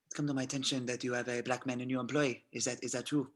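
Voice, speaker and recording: Male reader as a silky SS interrogator, husky and soft-spoken. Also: mid-range voice, level tone, quick pace, close to an everyday voice. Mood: probing. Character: suave menacing male SS colonel, probing. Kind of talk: amateur script reading.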